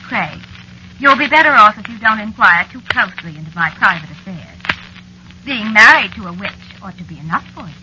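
An actress playing a teasing, jealous witch wife in an old-time radio drama, coy and softly threatening. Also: mid-range voice, expressive, brisk, background noise, natural voice. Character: sly jealous witch wife, playful and menacing.

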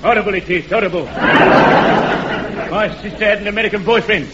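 A man doing a high-voiced soapbox crank. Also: fairly quick, close to an everyday voice. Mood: haranguing. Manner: insistent, preachy crowd-haranguing. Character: eccentric soapbox crank, middle-aged man. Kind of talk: 1950s radio comedy acting. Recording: dull, hissy old radio recording.

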